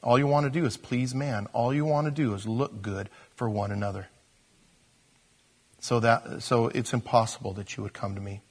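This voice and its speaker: A man preaching a sermon as pastor, swinging between loud emphasis and quiet asides. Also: mid-range voice, slightly rough.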